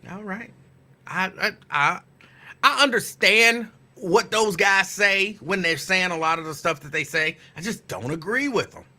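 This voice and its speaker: A man hosting a casual live talk show, greeting listeners by name and teasing them playfully with loud, emphatic bursts. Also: high-pitched, a little slow. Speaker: radio host. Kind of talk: casual live-show chat reading listener shout-outs.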